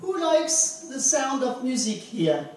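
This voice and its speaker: A woman with a French accent doing a deadpan stand-up routine at a bar open mic, asking the audience questions between punchlines. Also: high voice, takes it slowly. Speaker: stand-up comedian. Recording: echoey bar from far off.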